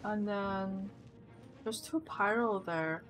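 A young woman streaming a game, thinking aloud and getting loud and excited when things go wrong. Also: mid-range voice, slow, faint music behind. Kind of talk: live gameplay commentary.

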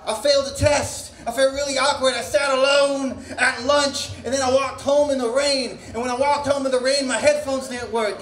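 A man doing a loud, crude stand-up set at an open mic, shouting his punchlines. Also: very high-pitched. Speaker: comedian. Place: comedy venue stage. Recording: roomy echo of a small venue.

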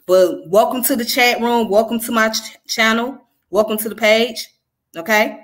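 A woman from the Southern US with a Southern accent leads a relaxed live-stream lesson. She talks quickly in a conversational way, with a bright, forward tone, and often checks in with "you know what I'm saying.". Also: a little high. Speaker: livestream host teaching history.

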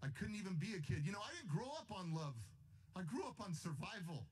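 A man's voice: high-pitched, very animated, fairly quick, slightly rough. A man giving a motivational speech, telling his story in a passionate, emphatic way. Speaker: motivational speaker.

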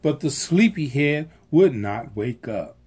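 A volunteer reading a children's picture book aloud in an expressive storytelling manner. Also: mid-range voice, slow pace, noisy background. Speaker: volunteer reader.

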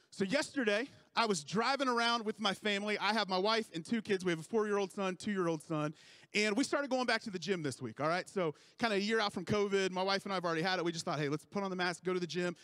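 High-voiced joking pastor in his thirties. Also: a little fast, fairly bright tone, no room sound. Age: 30s. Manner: joking, self-mocking storytelling. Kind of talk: sermon.

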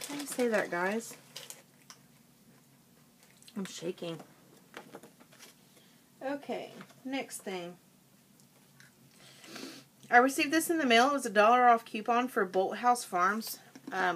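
Slow-talking bright-voiced woman vlogger. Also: mid-range voice, slight background noise. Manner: chatty, eats and chews while talking. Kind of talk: casual product haul chat.

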